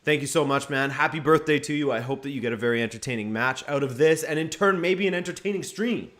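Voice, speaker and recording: A man's voice: mid-range voice, quick pace, fairly bright tone. A man hosting a live football watchalong stream, chatting casually, going over lineups and greeting viewers from the chat by name.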